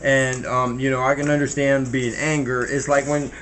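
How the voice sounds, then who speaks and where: A man hosting his own video, talking in a casual, halting ramble with an earnest tone. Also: medium pitch, level tone, a bit bright, slight background noise. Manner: halting, full of restarts and fillers, earnest. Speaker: home cook and video host.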